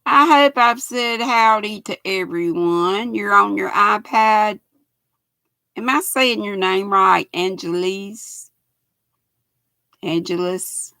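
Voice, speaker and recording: An older woman in her sixties with a raspy voice and a Southern US accent, chatting casually on a knitting livestream and reading viewer comments aloud in a folksy way. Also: mid-range voice, slow pace, sharp tone, dry recording. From United States. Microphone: built-in laptop mic.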